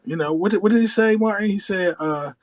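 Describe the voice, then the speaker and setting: A man's voice: sits high, a little fast, low-quality recording. A man explaining a project dispute in a casual group voice chat, rambling and filling with "you know what I mean". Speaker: crypto project lead.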